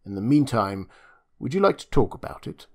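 A man's voice: medium pitch, big pitch swings, normal speed. Man playing a wry, unflappable doctor, dry and firm, audiobook reading.

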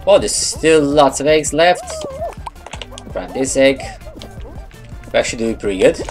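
A woman commentating her own game play, excitable and swearing at opponents, with faint game music behind. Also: a bass voice, a little slow. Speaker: gamer.

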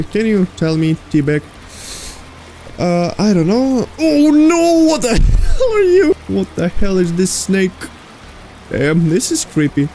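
High-voiced man talking through a horror game. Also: a little mellow. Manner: talks to the game's creatures, jokey and easily startled. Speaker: gaming streamer. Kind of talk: let's play commentary.

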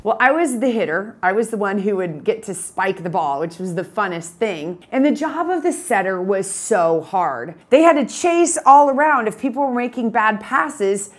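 A woman in her fifties who coaches photography business owners. She gives an energetic motivational talk and tells stories in a chatty way. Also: mid-range voice, normal speed, few pauses.

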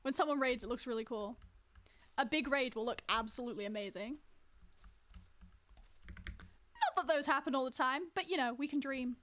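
A woman's voice: high voice, moderate pace, long pauses, a bit bright. A woman streaming a game live, chatting casually with viewers and teasing them as she plays. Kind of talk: casual live-stream chat while playing.

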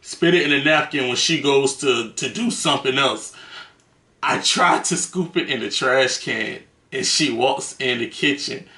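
A man's voice: medium pitch, unhurried, sharp tone. A man telling stories to the camera in a casual, slangy, profane way, laughing between them. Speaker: vlogger. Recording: roomy echo.

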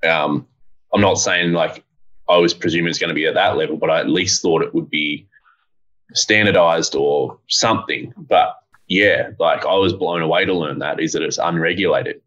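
Low-voiced laid-back man, dull audio. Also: normal speed, a bit bright. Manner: rambling, laid-back, swears casually. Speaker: co-host, bike part designer. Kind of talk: casual podcast chat.

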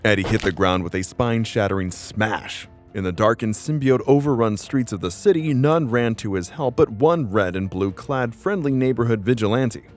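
Lower male narrator, dramatic scripted recap, soft music bed. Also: normal speed, few pauses. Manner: dramatic storytelling.

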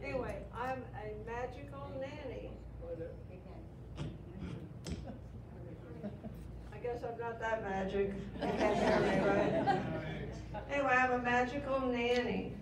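A woman's voice: medium pitch, level tone, moderate pace, a loud crowd, natural voice. A woman playing Mary Poppins as a jokey magical nanny turned caretaker, chatty and self-mocking at a live event. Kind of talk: comic live character performance. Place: public square event. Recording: echoey, distant mic with ambient noise.

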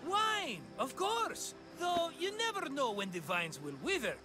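An actor playing a flamboyant, theatrical middle-aged schemer in a video game cutscene. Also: male voice, very high voice, big pitch swings, measured pace, music in the background, exaggerated voice. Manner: theatrical, boastful. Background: game score.

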